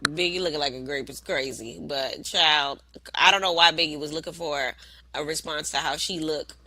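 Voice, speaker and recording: A woman vlogger giving casual gossip commentary on a reality show, chatty with drawn-out asides. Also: deep voice, bright, forceful tone, rough recording. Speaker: reaction vlogger.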